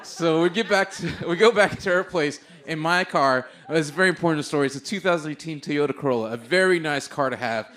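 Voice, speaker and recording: Animated high-voiced comedian spinning a story. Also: male voice, fairly quick, few pauses. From Bay Area. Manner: animated, swearing, sudden loud outbursts. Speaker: stand-up comedian. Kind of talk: live stand-up storytelling. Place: stage before a live audience.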